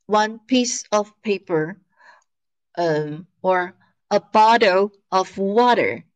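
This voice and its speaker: A woman's voice: medium pitch, lively intonation, takes it slowly. A woman whose first language is Mandarin teaches an online Chinese lesson in English, drilling pronunciation patiently with many fillers. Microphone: screen-shared video call.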